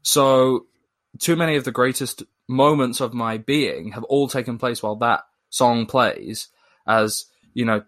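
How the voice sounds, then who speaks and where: A man talking in a relaxed conversation. He sounds thoughtful and measured, hedging his points with fillers as he goes. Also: mid-range voice. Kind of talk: casual conversation.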